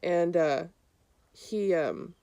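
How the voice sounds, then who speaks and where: Brief: woman, lower register, casual first-person storyteller, halting delivery with restarts. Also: gravelly, dark tone, no room sound, highs cut off. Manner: halting, with many fillers and restarts; re-enacts other people's lines in a raised voice. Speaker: hunter telling her story.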